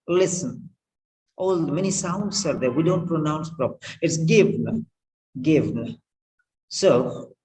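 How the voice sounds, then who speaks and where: A man's voice: a little high, darkish tone, low-quality recording. A man teaching pronunciation in an online class, repeating each sound several times over. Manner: repetitive, drills sounds over and over.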